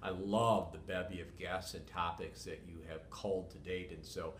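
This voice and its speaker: Older male guest, deep voice, measured and wordy delivery, echoey room with faint rumble. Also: fairly even intonation. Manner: measured, wordy, many fillers. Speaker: former police chief, guest. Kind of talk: casual interview talk.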